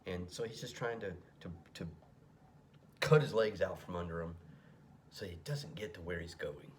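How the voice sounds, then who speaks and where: A middle-aged man with a very deep voice talks through a song at home, reading its lyrics and unpacking what they mean. He drops to a whisper at times. A faint room hum sits behind him. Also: normal speed. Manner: reads lyrics aloud then explains them, often drops to a whisper. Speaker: music reaction commentator. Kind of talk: casual commentary on a song.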